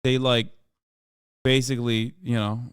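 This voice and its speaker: A man streaming, reacting to a video in a profane, animated riff. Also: medium pitch, a little slow, clean tone, dry recording, clean studio sound.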